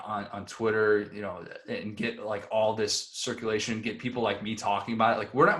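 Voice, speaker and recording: A man's voice: fairly low pitch, fairly bright tone. A man, a sports columnist, giving casual opinion commentary in a chatty, opinionated way, full of asides and rhetorical questions.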